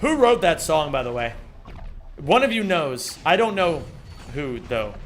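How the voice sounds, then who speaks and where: Animated high-voiced man streaming a speedrun. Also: a little slow, slight background noise. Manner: reads chat aloud, swears, excitable outbursts. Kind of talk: casual live-stream chat.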